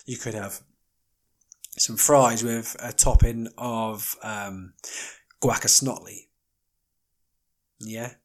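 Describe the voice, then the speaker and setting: Male solo podcast host, mid-pitched voice, rambling and wry, lots of fillers. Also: fairly even intonation, extremely slow, long pauses. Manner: rambling, wry, jokey asides with many fillers. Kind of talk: casual solo monologue.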